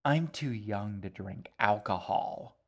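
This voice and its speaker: A man reading an audiobook voices a proud, sharp-tongued young girl who speaks in a withering, sarcastic way. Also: lowish voice, slow pace, creaky, full character voice.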